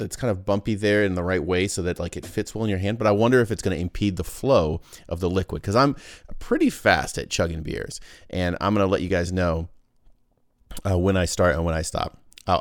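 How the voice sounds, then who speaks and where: A man's voice: sits low, no echo, clean studio sound. A man hosting his own podcast, talking in a goofy, rambling casual monologue full of restarts. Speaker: podcast host.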